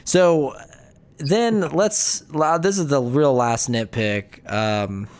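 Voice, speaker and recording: A man's voice: mid-range voice, slow, clean tone. A man co-hosting a casual film review podcast, joking and rambling with frequent restarts. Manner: joking, rambling, self-interrupting. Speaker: podcast co-host.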